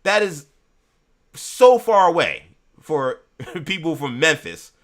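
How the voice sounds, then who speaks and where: A man hosting a live sports talk show, reacting to viewer chat and ranting in an animated way about the news. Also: a little high, slow pace.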